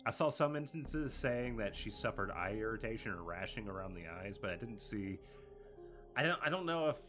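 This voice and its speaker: A man co-hosting a podcast, reading out sighting reports with frequent fillers and animated asides. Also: on the low side, moderate pace, music in the background. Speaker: podcast co-host. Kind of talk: casual chat and reading sightings.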